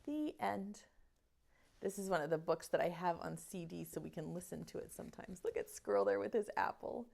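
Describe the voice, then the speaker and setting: A woman's voice: on the low side, animated, vocal fry, a little mellow. A woman preschool teacher leading an online circle time, reading a picture book aloud and asking the children questions. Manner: slow, sing-song storytelling voice that asks children questions.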